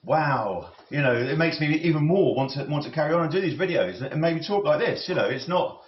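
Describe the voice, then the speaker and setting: A man rambling and musing as he cooks, with many halting restarts and self-corrections. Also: fairly high pitch, lively intonation. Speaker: cooking vlogger. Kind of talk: rambling talk while cooking. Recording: roomy, slightly dull audio with faint noise.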